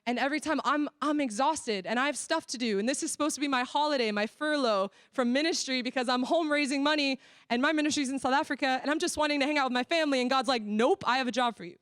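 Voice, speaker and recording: A woman's voice: sits high, fast, few pauses, fairly bright tone, dry recording, studio quality. A young American woman from Florida giving a casual sermon-style church workshop talk, telling stories animatedly and acting out dialogue. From Florida, USA.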